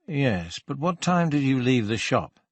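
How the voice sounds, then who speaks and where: A man doing a steady police inspector, firm and measured, pressing a suspect, in a dry, close recording with a mid-range voice. The questions stay even and controlled. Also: medium pitch, no room sound. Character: calm, probing middle-aged police inspector.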